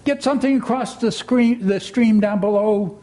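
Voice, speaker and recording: A man's voice: high-pitched, very animated, normal speed, darkish tone. A man doing a fussy, reasoning storybook rabbit.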